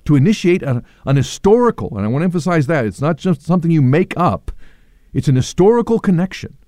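A man gives a radio Bible talk in a mellow, warm voice that rises and falls with feeling. The sound is dry and close, and he speaks earnestly, stressing the words he wants to land. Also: a little high, sing-song, fast talker, no echo. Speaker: radio Bible teacher and host.

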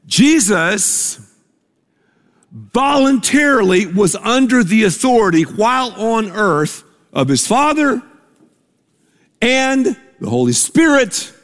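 A man's voice: high-pitched, a bit bright, long reverb tail. A man preaching a sermon as pastor, emphatic, stressing key words and having the congregation repeat them.

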